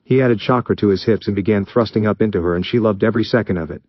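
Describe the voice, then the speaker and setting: A man reading fan fiction aloud in steady, even narration. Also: fairly low pitch, quick pace, no room sound, dull audio. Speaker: story reader.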